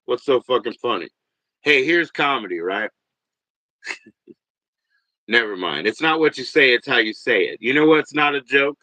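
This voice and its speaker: A man in his forties hosting a livestream, rambling and swearing, jumping from loud bursts to mutters. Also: medium pitch, expressive, moderate pace, pauses often, no room sound, low-quality recording. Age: 40s. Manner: rambling, profane, swings between loud and muttered. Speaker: livestream host. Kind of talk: casual livestream rant.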